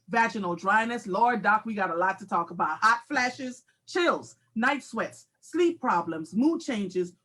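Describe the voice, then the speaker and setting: A woman in her forties hosting a live talk show, telling a candid, animated personal story with frequent laughter. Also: a little high. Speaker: host.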